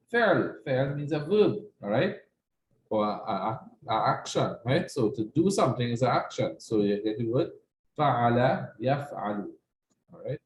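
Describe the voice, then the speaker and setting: A man's voice: mid-range voice, a little hiss or hum. Patient male Arabic teacher, echoey room. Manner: patient, repeats phrases, checks with "right?". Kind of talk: explaining grammar in an online class.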